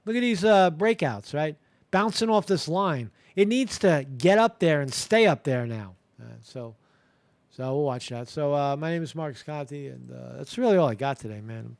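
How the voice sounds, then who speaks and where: Male live-show host, high pitch, dry close sound, filler-heavy casual market chat. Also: lively intonation, normal speed, gravelly, no echo. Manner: rambling, filler-heavy, blunt and sarcastic.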